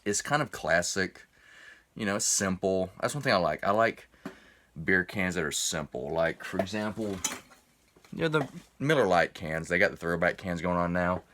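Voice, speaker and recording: A man's voice: sits low, animated, normal speed, a bit bright, a little hiss or hum. A man rambling through a casual beer review video, a little tipsy after a few drinks. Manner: rambling, chatty, self-interrupting.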